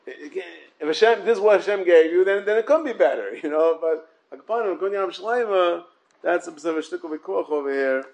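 A Torah teacher with a high, animated, slightly mellow voice talks fairly quickly through a Talmud class. His English is casual, mixed with Hebrew and Yiddish terms, full of repeated words and rhetorical check-ins like "yeah?" and "right?" The recording is rough.

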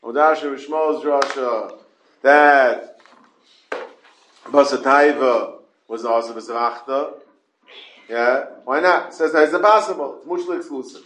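A man's voice: a little high, a bit bright, reverberant. A man teaching a Talmud class, repeating points and asking rhetorical questions. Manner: explains in repeated questions, stressing key words.

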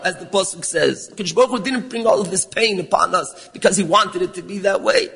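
A man giving a sermon, mixing English with Hebrew and Yiddish terms, dropping low and then rising into pleading calls. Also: a little fast, creaky, hardly any pauses, fairly bright tone, slightly rough. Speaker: rabbi giving a talk. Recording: long hall reverb.

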